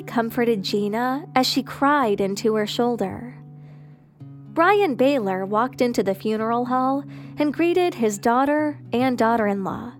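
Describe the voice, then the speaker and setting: A woman narrates a scripted drama at an unhurried, deliberate pace. Her voice sits a little high. A soft guitar track plays faintly underneath. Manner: slow, even storytelling delivery.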